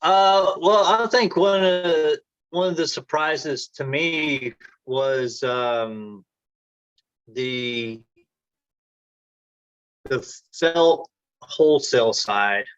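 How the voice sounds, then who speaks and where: A man's voice: fairly high pitch, very slow, pauses often, fairly bright tone, clear, resonant tone, dry recording. A man, an entrepreneur guest in an interview, telling long rambling anecdotes and acting out the dialogue he quotes. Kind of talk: casual storytelling interview. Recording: dry, dull lo-fi sound.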